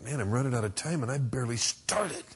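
A middle-aged man preaching a sermon as a pastor, earnest and conversational, swinging between emphatic lines and hushed ones. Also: mid-range voice, lively intonation, quick pace, slight background noise.

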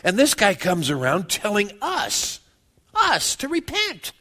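Guy doing a snooty high-pitched religious big shot, sneery and full of himself. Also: huge pitch swings, takes it slowly, bright, forceful tone, full character voice. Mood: scornful. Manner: sneering, self-important. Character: smug pompous male religious leader, scornful.

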